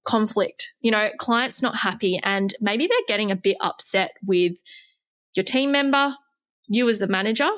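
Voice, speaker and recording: A woman hosts a podcast and tells a story at a relaxed, conversational pace. She talks in a casual, chatty way and uses "like" often. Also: mid-range voice, normal speed. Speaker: podcast host. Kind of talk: casual chat.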